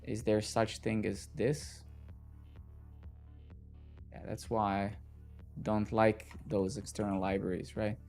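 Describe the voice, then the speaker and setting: A man with a gravelly, creaky voice talks to himself while he codes on a live stream. He mutters through each step and curses at the code when it fails. Faint music plays under his voice. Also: on the low side, flat delivery, takes it slowly, long pauses, a little mellow. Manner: muttering to himself, swearing in frustration. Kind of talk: live coding stream, thinking aloud.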